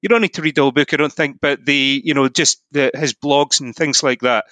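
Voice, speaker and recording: A man's voice: on the high side, fairly even intonation, a little fast, bright, forceful tone, no echo. A Scottish man talking as a podcast guest, explaining ideas in an earnest way, often saying "you know". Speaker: podcast guest, mindset coach. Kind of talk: casual podcast conversation.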